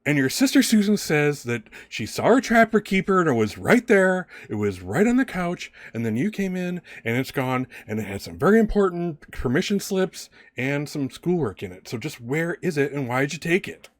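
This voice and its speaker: A man's voice: lively intonation, a little slow, a little mellow, natural voice. A man voicing an angry, strict middle-aged stepmother who scolds and mocks. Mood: scolding. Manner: shrill, scolding, mocking.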